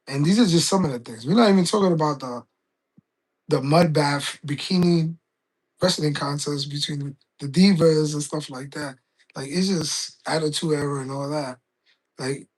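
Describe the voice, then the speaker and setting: A man's voice: fairly high pitch, normal speed, breathy edge. A man, chatting casually on a live stream and rambling through stories full of fillers and restarts. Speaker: game streamer.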